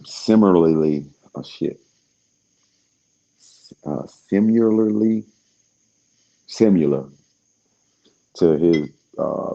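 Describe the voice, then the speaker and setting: A man with an extremely deep, dark voice talks in a loose, rambling monologue. His tone is gravelly and husky, and he is laid-back and slangy, often trailing off into fillers. The recording sounds dull and lo-fi.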